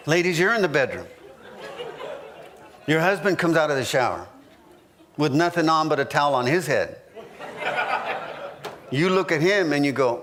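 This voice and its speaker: A man's voice: high-pitched, animated, unhurried, long pauses, crowd noise, noisy background. A man in his sixties, a pastor teaching a marriage class in church, earnest and repetitive with frequent restarts.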